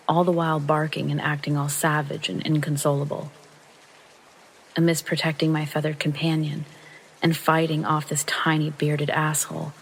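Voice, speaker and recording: Gravelly man reading a horror story. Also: fairly high pitch, a bit bright, rough recording. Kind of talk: reading a first-person true horror story for sleep. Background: rain sounds.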